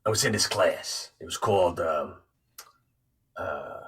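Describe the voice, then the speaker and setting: A young man chatting as a podcast guest, an animated storyteller who swings from low mumbling to loud excited bursts. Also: a little slow, slightly rough, far from the mic. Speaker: podcast guest, actor and narrator. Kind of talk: casual chat.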